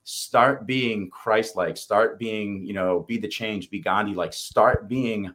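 On a motivational podcast, a male co-host with a Boston accent shares stories in an earnest, casual way, letting slip a swear word here and there. He talks slowly in a lowish, slightly bright voice.

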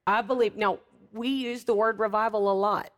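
A woman's voice: mid-range voice, steady tone, moderate pace. Fervent woman preacher. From Florida, United States. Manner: emphatic, fervent, with wry humor. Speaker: guest preacher. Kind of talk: preaching in a talk show interview.

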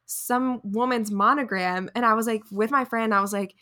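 A woman's voice: fairly high pitch, normal speed, pushed and bright. A young woman co-hosting a podcast, chatting casually with lots of "like" and frequent laughter. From near Raleigh, North Carolina. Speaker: podcast co-host. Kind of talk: casual chat.

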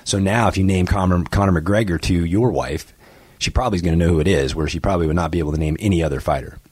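A married man co-hosting a talk show, chatting casually and telling rambling, excited stories. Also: low voice, fast talker, slightly rough, no echo, clean studio sound. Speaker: co-host. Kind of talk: casual chat.

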